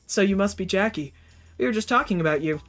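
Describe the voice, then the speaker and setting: A woman voicing a poised, friendly female fire performer, talking gently and chattily while doing her makeup. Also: mid-range voice, lively intonation, quick pace, faint music behind, natural voice.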